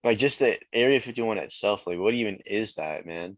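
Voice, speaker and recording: A man's voice: lowish voice, moderate pace, dry recording. A teenage man from Quebec, a guest rapper, chatting casually and filling his talk with "like" and "man". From Quebec, Canada. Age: teens. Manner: laid-back, many "like" and "man" fillers. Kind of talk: casual chat.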